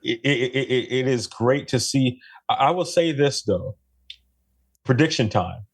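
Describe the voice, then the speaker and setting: Podcast guest, man from Jamaica, mid pitch, lively and talkative, casual. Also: measured pace, husky. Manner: animated, tags statements with "right?".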